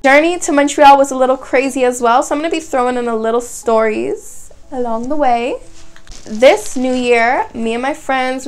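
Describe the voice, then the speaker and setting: A woman's voice: on the high side, clear, resonant tone. Chatty young woman telling a story. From Canada. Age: young adult, 18. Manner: chatty, dramatic retelling with frequent "like". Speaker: vlogger. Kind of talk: casual storytime.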